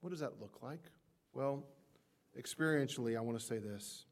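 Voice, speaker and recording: A middle-aged male pastor giving a sermon, moving from soft, hushed passages to loud, impassioned climaxes. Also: mid-range voice, moderate pace.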